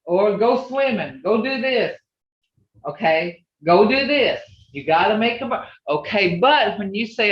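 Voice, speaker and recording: A slow-speaking language teacher heard over a video call, with lively, swinging pitch as they repeat example phrases patiently. The audio is echoey and dull. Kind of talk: online language class.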